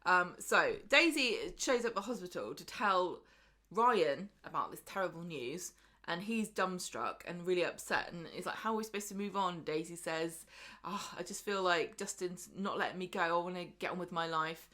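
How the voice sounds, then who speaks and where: A woman's voice: fairly low pitch, expressive, moderate pace, pushed and bright. A woman co-hosting a podcast, chatting casually as she recaps a soap and acts out the characters' lines. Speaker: podcast co-host.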